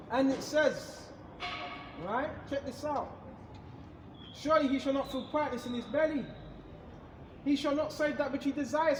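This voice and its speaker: Man preacher, very high voice, emphatic and repetitive, echoey room. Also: a little hiss or hum. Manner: emphatic, repetitive, rhetorical questions. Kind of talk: street-style scripture teaching.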